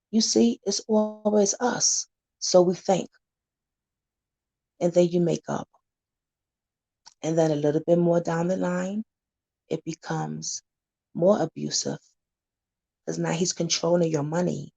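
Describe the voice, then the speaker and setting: A woman's voice: lowish voice, takes it slowly, creaky, pauses often, warm tone. A woman community advocate talking casually to camera, blunt and candid, warning her viewers and acting out scenes to make her point.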